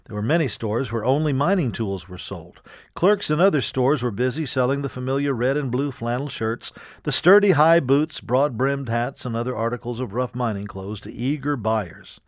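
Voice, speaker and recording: A man's voice: medium pitch, moderate pace, no echo. Man reading a storybook, dry and close. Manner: steady, clear reading aloud. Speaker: audiobook narrator. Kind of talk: storybook narration.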